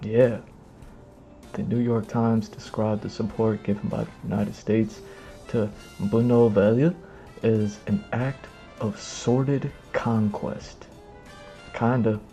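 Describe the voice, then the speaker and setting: A man streaming live, giving loose slangy reaction commentary, excitable and often breaking into laughter. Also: on the low side, slow. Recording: muffled, with music behind.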